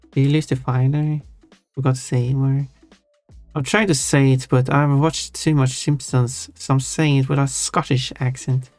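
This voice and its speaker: A man's voice: mid-range voice, no echo. A man chatting casually on a stream while reading chat, rambling and often restarting his words. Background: soft chill music.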